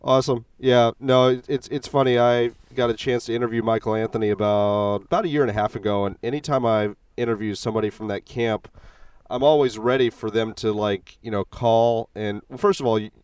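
A man interviewing a guest in a relaxed, easygoing way. His voice is smooth and clear but sits a little away from the mic. The sound itself is dry. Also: medium pitch, fairly quick, no echo, distant mic. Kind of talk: casual interview questions.

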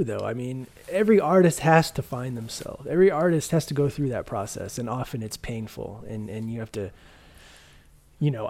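Mellow, slightly high-voiced male host. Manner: reactive, encouraging listener, thoughtful remarks. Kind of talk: casual chat.

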